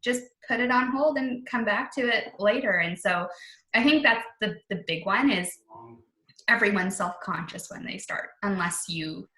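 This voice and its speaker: A woman's voice: mid-range voice, moderate pace. Woman podcast guest, sales manager, explaining things steadily, echoey room. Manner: steady, explanatory advice-giving. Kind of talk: casual conversational interview. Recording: roomy echo.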